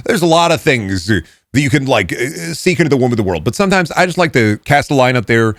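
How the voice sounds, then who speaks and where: A fast-talking man with a bouncy, wide-ranging voice, spinning off into absurd tangents in casual podcast chat. His speech is full of swearing, recorded dry and close with no room sound. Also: medium pitch, very animated, a bit bright, no room sound. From United States. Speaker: podcast guest.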